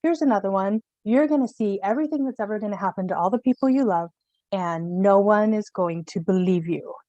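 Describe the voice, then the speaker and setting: A woman's voice: mid-range voice, brisk, dark tone, dry recording, muffled recording, natural voice. Smug, petty male god with slangy swagger, as a woman tells it in her own voice; dry close sound.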